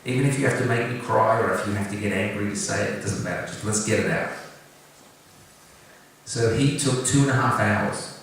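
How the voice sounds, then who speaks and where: A man's voice: on the low side, fairly quick, slight background noise. Earnest man telling a story in an echoey room. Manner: earnest, direct, gently humorous. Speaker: singer-songwriter talking about his song. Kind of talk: heartfelt personal storytelling to an audience. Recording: echoey room, picked up from a distance, faint background ambience.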